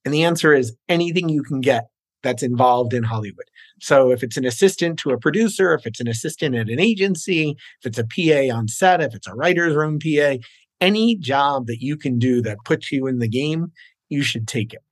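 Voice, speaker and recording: A man's voice: medium pitch, brisk, dry recording. Middle-aged man, easygoing interview guest, self-deprecating, mid-range voice, dry close sound. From New York, raised in New Jersey. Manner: genial, self-deprecating, with frequent uh fillers. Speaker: guest screenwriter. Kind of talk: casual interview.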